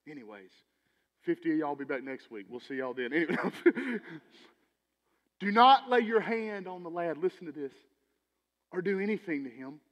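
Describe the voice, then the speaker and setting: A man preaching a sermon as pastor, animated, swinging between loud emphasis and quiet asides. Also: on the high side, normal speed, pauses often. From Texas. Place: church sanctuary. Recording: church hall with long reverb.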